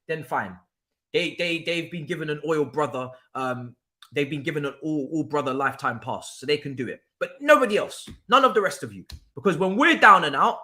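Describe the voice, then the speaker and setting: This young man hosting a football watchalong stream has a high, bright voice that sounds pushed. He rants with emphasis in casual livestream chat, laughing as he repeats himself.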